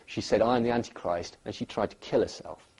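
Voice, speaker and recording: A man with a low, dark voice that has a husky edge. He rambles on at length, hedging and circling back with fillers and restarts. It sounds like a relaxed sit-down discussion. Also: quick pace, poor audio. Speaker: guest speaker. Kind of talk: casual discussion.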